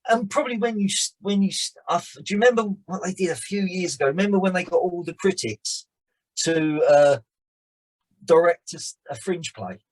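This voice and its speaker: Husky, animated man. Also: high voice, a little fast, rough recording. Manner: animated storyteller, rambling restarts. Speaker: podcast guest, actor and director. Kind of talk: casual chat.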